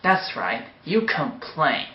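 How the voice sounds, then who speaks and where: A man's voice: on the high side, big pitch swings, takes it slowly, slight background noise. A man giving a taunting, dismissive commentary on a video. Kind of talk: mocking commentary. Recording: echoey, dull lo-fi recording.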